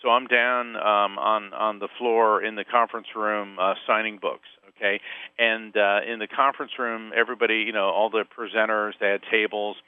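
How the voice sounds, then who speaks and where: Man, from central florida, animated storyteller, tinny phone-line sound, dry. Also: on the low side, moderate pace, clear, resonant tone, no room sound. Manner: animated storyteller, acts out quoted voices. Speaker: psychic medium and author, podcast guest. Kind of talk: storytelling interview.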